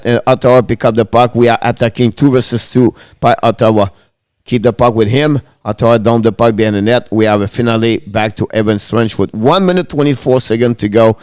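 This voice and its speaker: A man's voice: medium pitch, fairly quick, a little mellow, clear, resonant tone, no room sound, clean studio sound. A man hosting a live-stream hockey show, calling the play-by-play in broken English and laughing often.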